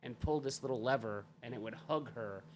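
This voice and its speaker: A man's voice: mid-range voice, brisk, slight background noise. A man who teaches, co-hosting a casual podcast and rambling while he searches for words. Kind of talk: casual banter among friends.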